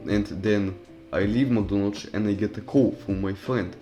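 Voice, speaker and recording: A man's voice: lowish voice, steady tone, moderate pace, dark tone, muffled recording, faint music behind. A young man casually telling a personal story over gameplay, profane and rambling, with loose restarts. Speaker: storytime commentary YouTuber.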